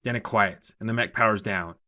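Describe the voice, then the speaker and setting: A man narrating a short story in a steady, even storytelling manner. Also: fairly low pitch, brisk. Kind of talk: scripted narration.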